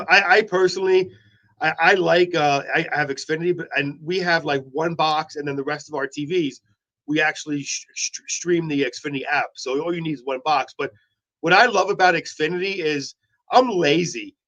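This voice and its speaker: High-voiced rambling man host, dull audio. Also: moderate pace, fairly bright tone. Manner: rambling storyteller, many restarts. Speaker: radio morning host. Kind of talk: casual chat.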